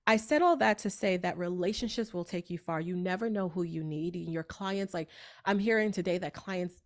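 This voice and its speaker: A woman tells stories as a podcast guest. She talks fast and with a lot of emphasis, and her voice sits on the low side for a woman. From New York. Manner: fast-talking, animated, emphatic storyteller. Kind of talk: storytelling interview.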